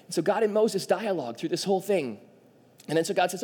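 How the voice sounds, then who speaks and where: A man preaching a sermon as pastor, animated and acting out the people in his story. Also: high voice, fast, husky. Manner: animated, acts out quoted voices.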